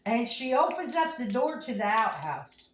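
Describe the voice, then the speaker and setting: Slow, folksy woman host in an echoey kitchen. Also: a little high, very animated, slight background noise. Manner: folksy, rambling, homespun phrasing. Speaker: home cooking show host. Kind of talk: casual storytelling while cooking. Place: home kitchen. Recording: echoey room, mic at a distance.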